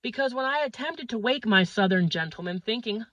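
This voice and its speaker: Woman, comic storyteller, crude and animated, dry close sound. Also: on the high side, fairly quick, hardly any pauses, dry recording, lo-fi sound. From northeastern Pennsylvania. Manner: animated, crude, exaggerated delivery. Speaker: comedian.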